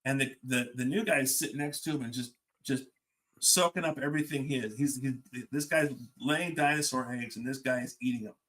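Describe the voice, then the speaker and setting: A man's voice: medium pitch, a little fast. Man telling a firehouse story. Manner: animated storyteller acting out dialogue. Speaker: fire service leader, guest. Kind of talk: storytelling on a podcast.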